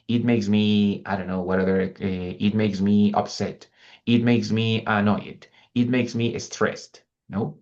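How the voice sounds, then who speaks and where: Low gravelly-voiced male teacher. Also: darkish tone, highs cut off. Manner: patient, repeats example phrases and checks in with "right?" and "ready?". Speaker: English teacher. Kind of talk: online language lesson, mixing English and Spanish.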